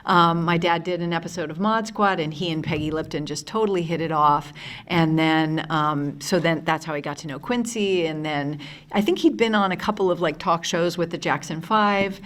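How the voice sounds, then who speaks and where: Animated woman telling stories on a panel. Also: fairly low pitch, normal speed. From United States. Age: 50s. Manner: animated anecdotes with many fillers and restarts. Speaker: panel guest. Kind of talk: storytelling on a convention panel. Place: convention panel room.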